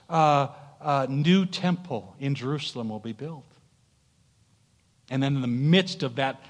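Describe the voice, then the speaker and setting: A man preaching a sermon as pastor, emphatic, swelling to loud peaks and stumbling through fillers. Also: a little high. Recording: long hall reverb.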